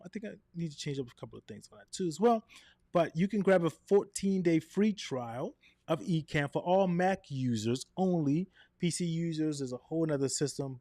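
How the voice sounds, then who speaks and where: A man teaching a live online class on presenting to camera, animated, often checking in with "right?". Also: on the high side, no room sound. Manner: animated, varies tone to demonstrate, frequent "right?". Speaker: presentation coach. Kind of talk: live online coaching session.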